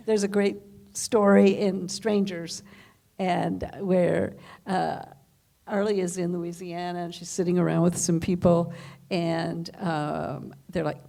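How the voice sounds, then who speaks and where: A woman's voice: on the low side, level tone, takes it slowly, vocal fry, warm tone. A woman hosting an interview, chatty and searching for her words as she frames a question. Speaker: interviewer and host. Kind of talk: conversational interview.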